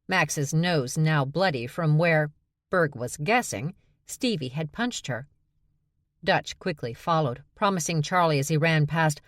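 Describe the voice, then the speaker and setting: Low-voiced woman audiobook narrator. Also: expressive, unhurried, no room sound, studio quality. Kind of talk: scripted narration.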